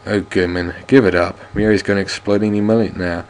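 A man's voice: low-pitched, steady tone, fairly quick, a little mellow, slight background noise, close to an everyday voice. A man reading the lines of a gloating, ruthless male villain aloud in a mocking tone, stumbling now and then.

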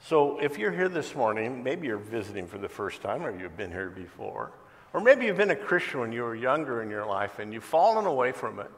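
Guy pastor telling a sermon story, goes loud then hushed, big church hall echo. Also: medium pitch, big pitch swings, a little fast. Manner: storytelling with dramatic shifts in loudness. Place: large church. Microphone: church sound system, streamed. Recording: echoey large church hall.

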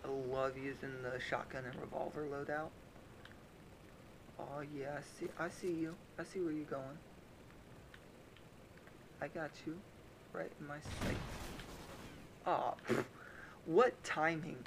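A man's voice: on the high side, steady tone, takes it slowly, vocal fry, long pauses, noisy background. A young man casually commenting on his own shooter gameplay, playful and jokey, often slipping into silly voices. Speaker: gaming YouTuber. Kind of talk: casual let's-play commentary.

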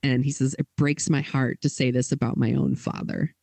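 A man hosting a podcast, telling a story in a casual way, with lots of fillers and quick acted quotes. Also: medium pitch, little pitch movement, gravelly, darkish tone, dry recording. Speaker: podcast host.

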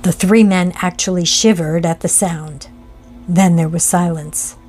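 A woman narrating a classic ghost story in a slow, measured reading voice. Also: lowish voice, fairly even intonation, a little mellow, soft background music.

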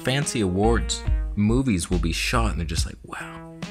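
A man's voice: lowish voice, animated, moderate pace, music in the background. A man vlogging a sarcastic, exasperated comedy rant about a camera.

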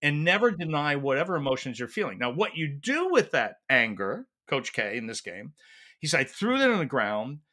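A man who is a leadership professor, a guest in an interview, telling stories in an animated way and acting out quotes. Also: on the high side, normal speed. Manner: animated storyteller, acts out quotes. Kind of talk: storytelling interview answer.

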